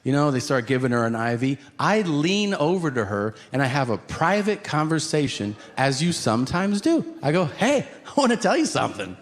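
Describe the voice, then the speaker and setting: A middle-aged man doing stand-up storytelling on stage, animated and jumping into loud acted quotes. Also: a little high, normal speed, few pauses, big-room sound. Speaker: stand-up comedian. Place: comedy stage. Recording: live stage recording with audience noise.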